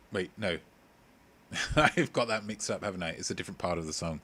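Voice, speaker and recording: A man's voice: low-pitched, animated, fairly quick, pushed and bright. A man hosting a live-streamed comedy quiz from a home setup, joking playfully and breaking into sung snippets of song lyrics. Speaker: quiz host.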